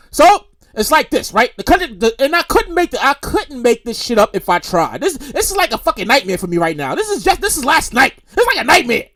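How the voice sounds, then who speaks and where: A man hosting a podcast, telling a story in an animated, profane, repetitive rant. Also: extremely high pitch, a little fast. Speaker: podcast host. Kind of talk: casual storytelling.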